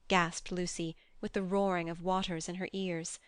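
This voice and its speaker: A woman narrating an audiobook in a measured, even reading. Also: fairly low pitch, smooth, dry recording, clean studio sound. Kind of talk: scripted narration.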